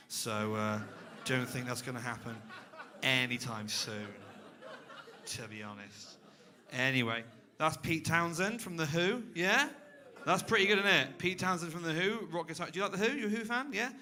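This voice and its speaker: A man's voice: fairly high pitch, normal speed, sharp tone. A young man doing a stand-up set on a club stage, dry and self-mocking, chatting with the crowd. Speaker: stand-up comedian. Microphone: handheld stage mic.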